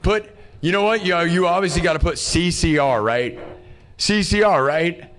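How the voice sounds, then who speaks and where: A man's voice: on the high side, normal speed, fairly bright tone. A man hosting a live stream, chatting casually and ranting in exasperation, with lots of "dude" and "bro". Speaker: livestream host. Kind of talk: casual livestream rant.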